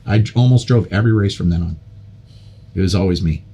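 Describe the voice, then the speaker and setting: An older man with a low, husky voice tells a story over a casual podcast chat. He is animated, repeats himself and restarts sentences as the memory carries him along. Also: quick pace. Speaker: podcast guest.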